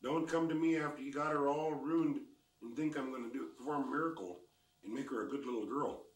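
A man doing a gruff stern old grandfather. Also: brisk, natural voice. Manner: low, firm, scolding. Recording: roomy, mic at a distance.

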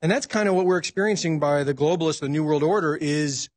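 A man's voice: fairly high pitch, quick pace, a little mellow, dry recording. A man speaking as a talk show guest, reflective and hesitant, with many ums and uhs. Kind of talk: casual political talk.

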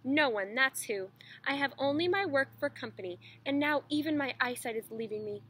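A woman reading aloud, voicing an irritable, nearly blind old male painter with a gruff, curt manner. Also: extremely high pitch, animated, normal speed, heavily acted, low-quality recording. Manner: gruff, curt, then softening.

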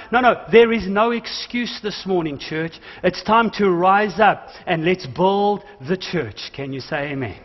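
High-voiced pastor preaching in a hall. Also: male voice, measured pace, few pauses. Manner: preaching with jokes, emphatic calls to the congregation. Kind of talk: sermon. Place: church hall. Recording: dull church recording with long hall reverb.

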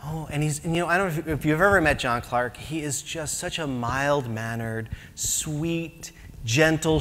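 An American man telling a comic story at a conference, animated and self-mocking, acting out his own panic. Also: medium pitch. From United States. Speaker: conference speaker. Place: conference hall. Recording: echoey hall, faint noise.

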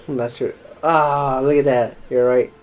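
A man's voice: mid-range voice, fairly even intonation, slow pace, poor audio. A young man casually chatting over gameplay as a let's play host, rambling and joking with viewers. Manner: rambling, playful, addresses viewers as folks.

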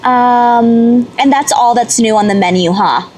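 A woman hosting a casual mukbang from her car, chatty and excitable, with rambling asides. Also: on the high side, measured pace, a little hiss or hum. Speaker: mukbang host. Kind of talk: casual eating-show chat.

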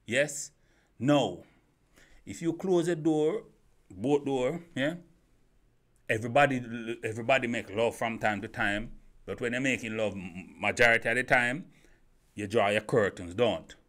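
A man holds forth to his camera in a running opinion monologue. He keeps asking rhetorical questions, circles back to the same points and trips over his own restarts, all at a mid pitch. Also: a little slow, long pauses, a bit bright. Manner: rhetorical questions, repeats himself, stumbling restarts. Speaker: YouTube commentator.

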